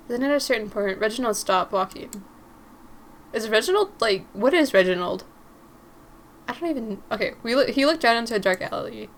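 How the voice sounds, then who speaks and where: A woman's voice: a little high, expressive, moderate pace, slight background noise. A young woman reading a visual novel aloud, narrating casually and breaking off to comment and giggle. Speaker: gaming creator.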